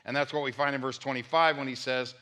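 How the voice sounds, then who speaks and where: A man's voice: medium pitch, steady tone, fast talker, sharp tone. A man, a pastor, preaching a conversational sermon and repeating key points for emphasis.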